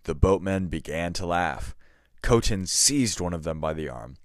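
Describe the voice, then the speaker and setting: A man with a very deep voice reads a story aloud as a podcast host. He narrates in a measured, scripted way. The sound is dry and close. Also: animated, no echo.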